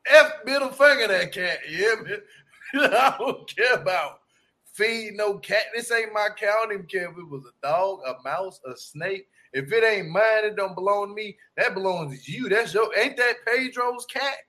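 A man's voice: high-pitched, animated, moderate pace, pushed and bright. A man co-hosting a casual chat, slangy and joking, often breaking into laughs. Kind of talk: casual chat reacting to a reality show.

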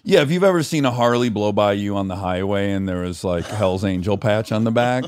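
Blunt, swearing podcast host, dry sound. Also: male voice, lowish voice, expressive, a little fast, darkish tone, clear, resonant tone, no echo. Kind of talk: casual chat.

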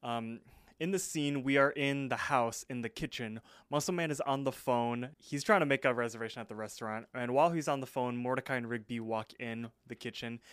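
A man's voice: mid-range voice, clear, resonant tone, no room sound, studio quality. A man co-hosting a podcast, recapping casually, rambling with fillers. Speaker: podcast co-host.

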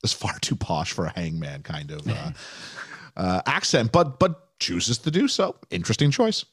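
A man's voice: lowish voice, very animated, unhurried, slightly rough, no room sound, studio quality. A man guesting on a podcast, thinking aloud with many restarts and frequent chuckles as he talks about a film. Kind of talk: casual film discussion.

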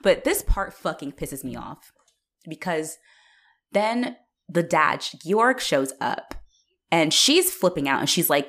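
A woman's voice: sits low, slow pace. A young woman in casual chat about a film, swearing freely, laughing often and acting out lines from scenes. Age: young adult. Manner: swears freely, laughs often, acts out quotes in animated voices.

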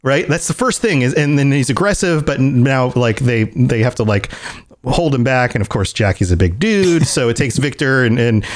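A man's voice: mid-range voice, animated, moderate pace. A man co-hosting a casual podcast, talking in a rambling way with many restarts, laughing as he acts out scenes. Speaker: podcast co-host. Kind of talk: casual chat.

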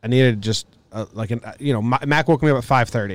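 A man's voice: mid-range voice, fast talker, no room sound. A young man, co-hosting a podcast in casual chat, laughing often and telling stories with energy. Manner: lively, laughing, animated storytelling. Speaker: podcast co-host.

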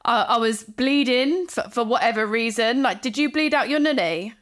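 A young woman chatting casually on a podcast, animated and giggly, acting out moments from her story. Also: fairly high pitch, normal speed. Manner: animated, giggly, acts out what people said. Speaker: podcast co-host. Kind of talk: casual chat.

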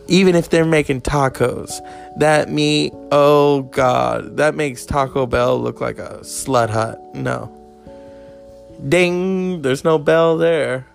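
A man's voice: mid-range voice, creaky. A man rambling through a casual, profane monologue, laughing and reading bits aloud from web pages as he goes.

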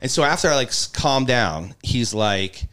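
A man guesting on a podcast, telling a story with lots of energy and laughter and acting out what people said. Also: medium pitch. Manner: energetic, laughs often, acts out quotes; fast, filler-heavy delivery with "literally" and "like". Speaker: podcast guest, stadium in-game host. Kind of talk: animated storytelling in a podcast conversation.

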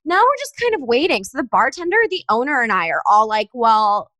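A woman's voice: fairly high pitch, a little fast, no room sound. A young woman telling a dating story in casual chat, acting out the texts she got and sent. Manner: animated storyteller, acts out texts in quoted voices.

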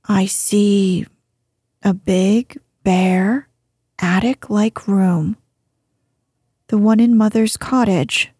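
A woman doing a sulky, gruff boy. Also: medium pitch, fairly even intonation, extremely slow, pauses often, warm tone, no room sound, clean studio sound. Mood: hurt. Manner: gruff, offended.

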